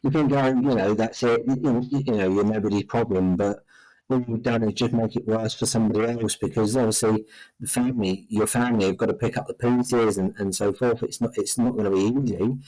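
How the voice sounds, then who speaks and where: A man's voice: fairly low pitch, fairly even intonation, fairly quick, warm tone, rough recording. A middle-aged man with a London accent, co-hosting a podcast in casual chat and rambling with lots of fillers. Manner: rambling, heavy on "you know" fillers. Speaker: podcast co-host.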